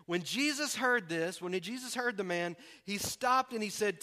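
A man from the preaching a sermon, animated and acting out voices with humor. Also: high voice, normal speed. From American South. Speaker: pastor.

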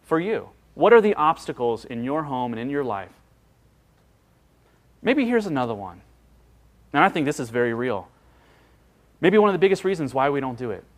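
A man's voice: medium pitch, sing-song, moderate pace, long pauses. A man preaching a sermon as pastor, in an emphatic, conversational way that repeats phrases for stress and asks the listeners questions.

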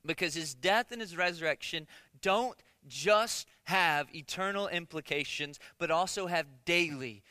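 A man's voice: on the high side, unhurried, sharp tone, clean tone, no echo. A man preaching a conversational sermon as pastor, joking with the congregation, stumbling into restarts and often asking "right?". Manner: conversational, jokey, many restarts and rhetorical "right?".

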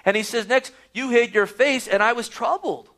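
A man's voice: extremely high pitch, moderate pace, fairly bright tone. A man preaching a sermon, reading scripture aloud and pressing his points with rising emphasis. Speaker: pastor.

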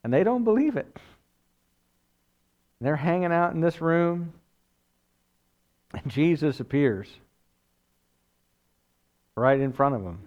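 A man preaching a sermon as pastor, telling the story in a conversational, animated way with casual asides. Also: a little high, takes it slowly, pauses often, lo-fi sound.

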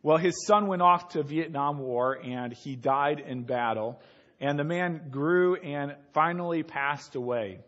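A man with a fairly high voice preaches to his congregation. He tells a story and then pushes his key points with rising force. The recording sounds a little muffled and lo-fi. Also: unhurried, fairly bright tone. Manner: storytelling, builds to emphatic peaks. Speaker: pastor. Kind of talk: sermon.

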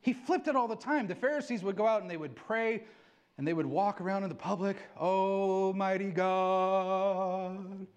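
An animated middle-aged man preaching a sermon in a fairly high voice. His pitch swings widely as he gets excited and acts out little exchanges. The delivery is casual and energetic. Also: fast. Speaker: pastor.

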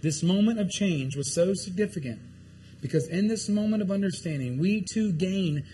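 Animated male preacher, conversational sermon. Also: high voice, normal speed, slight background noise. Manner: animated, conversational, acts out the disciples' voices. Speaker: pastor.

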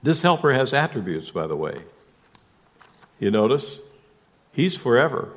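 A man preaching a sermon as pastor, emphatic, asking rhetorical questions and shifting suddenly between loud and soft. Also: mid-range voice, sing-song, a little slow.

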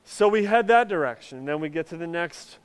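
A man's voice: a little high, lively intonation, fairly quick, smooth, big-room sound. A man preaching a sermon, telling a personal story in a conversational way with many fillers and restarts. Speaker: pastor.

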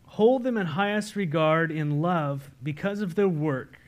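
A pastor preaching a sermon, earnest and repeating key words for emphasis. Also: male voice, fairly high pitch, a little slow. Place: church sanctuary.

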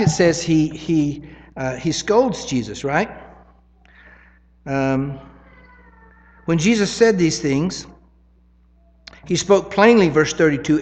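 A man's voice: on the high side, animated, measured pace, pauses often, in a large hall. A man preaching a sermon in an easy, conversational teaching way, often checking in with "right?".

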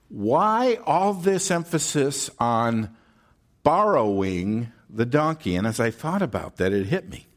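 A man preaching a sermon, teaching from scripture with rhetorical questions and frequent check-ins with the congregation. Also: medium pitch. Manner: animated preaching, slow and deliberate with drawn-out words. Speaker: pastor.

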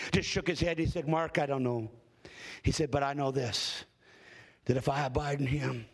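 A man in his fifties preaching a fervent sermon, often breaking into shouts and hallelujahs. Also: sits high. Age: 50s. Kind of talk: Pentecostal sermon.

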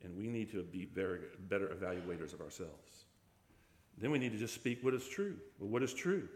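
A man's voice: mid-range voice, lively intonation, normal speed. Emphatic male preacher in an echoey room. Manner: emphatic preaching with rhetorical questions and repetition. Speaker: pastor. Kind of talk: sermon.

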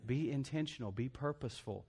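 A man's voice: medium pitch, brisk, darkish tone, breathy edge. A man preaching a sermon, asking the congregation for amens and joking as he acts out other people's voices. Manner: preachy call-and-response, asks congregation for amens; jokey, acts out quoted voices. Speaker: pastor.

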